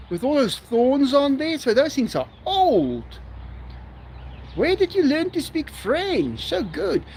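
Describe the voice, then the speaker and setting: A man's voice: sits high, darkish tone, a little hiss or hum. A man, hosting a live stream in casual chat and answering viewers, laughing often.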